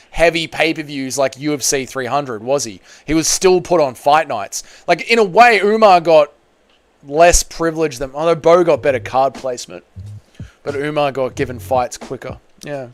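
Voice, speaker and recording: A young man who talks quickly and rambles as he reads viewer comments aloud on a casual stream. He fills his talk with "like" and swears freely. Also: fairly high pitch, dry recording. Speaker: MMA livestreamer.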